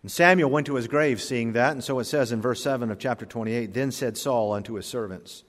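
Preacher with dramatic loud-soft delivery, reverberant hall. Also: male voice, mid-range voice, a little fast, hardly any pauses. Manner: dramatic preaching, swinging between loud emphasis and quiet asides; reads scripture in King James wording. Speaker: pastor. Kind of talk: sermon.

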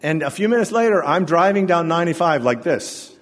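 A man's voice: on the high side, lively intonation, fairly quick. A male pastor giving a sermon to his congregation in a church, telling stories in a conversational, humorous way. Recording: echoey church hall.

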